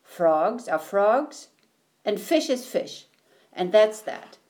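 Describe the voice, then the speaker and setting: A woman's voice: mid-range voice, very animated, darkish tone. A woman voicing a boastful young male frog in a children's picture book read aloud, speaking with proud emphasis. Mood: stubborn. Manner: proud, emphatic, drawn-out words.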